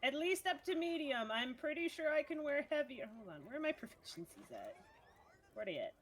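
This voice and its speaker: A woman chatting casually on a live tabletop game stream, blunt and quick to laugh and swear. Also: high-pitched, very animated. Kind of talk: casual gaming chat on stream.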